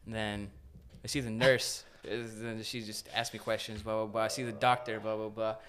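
A young man telling a story casually on a podcast, animated and laughing as he acts out moments. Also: fairly low pitch, normal speed, slight background noise.

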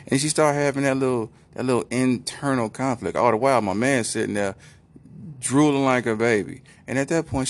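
A man telling a comic story in a slangy, animated way, acting out the characters. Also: on the low side.

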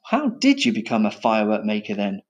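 A man's voice: on the low side, huge pitch swings, a little fast. A man voicing a cheeky, scheming young elephant keeper with a breezy, innocent-sounding manner.

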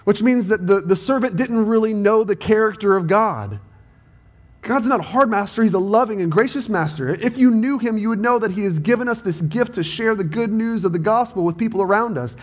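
A man's voice: sits high, a little fast. A male pastor with a Southern US accent, preaching a sermon with earnest emphasis that swells at times. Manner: earnest preaching, rising to raised emphatic passages.

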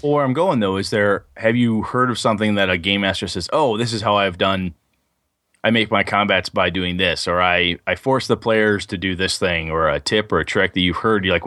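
A low-voiced man co-hosting a casual gaming podcast. He rambles through long stories, full of fillers and restarts. The sound is dry and close, with no room in it. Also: normal speed, no echo. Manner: rambling, animated storyteller with many fillers. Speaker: podcast co-host. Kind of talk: casual podcast chat about tabletop gaming.

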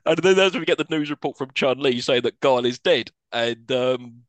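A man's voice: mid-range voice, brisk, dry recording. A man co-hosting a casual film-review podcast, recapping the plot with laughing asides. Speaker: podcast co-host.

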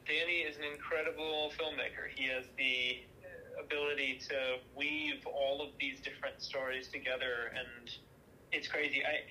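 Man, interview guest, self-deprecating, chatty storyteller, bright tense tone, faint noise. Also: on the high side, poor audio. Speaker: film director and producer, guest. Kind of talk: casual interview chat.

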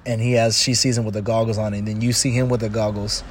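A middle-aged man with a fairly low voice talks fast and casually about relationships in a monologue, rambling with frequent restarts and asides. As a relationship commentator, he retells video clips in animated quoted voices, over a little hiss or hum.

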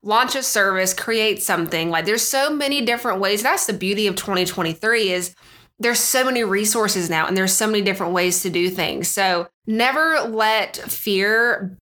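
A woman's voice: medium pitch, normal speed, pushed and bright. A woman co-hosting a podcast in casual chat, rambling with lots of filler words and restarts. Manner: rambling, heavy use of "like" and "you know".

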